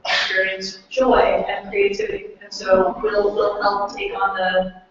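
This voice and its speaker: A woman's voice: mid-range voice, unhurried, slight background noise. A woman who keeps the event on time, giving cheerful, practical instructions. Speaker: event timekeeper. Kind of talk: event announcements. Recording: distant roomy lo-fi recording.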